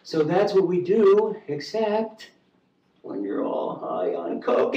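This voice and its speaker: A man's voice: sits high, very animated, takes it slowly, dark tone. A man reading a comic story aloud to a live audience, wry and profane, acting out the voices. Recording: echoey room, distant mic, faint noise.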